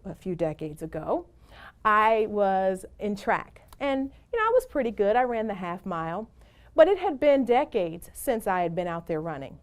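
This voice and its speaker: A middle-aged woman giving a motivational presentation, speaking in an emphatic, encouraging way and telling personal stories. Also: on the high side.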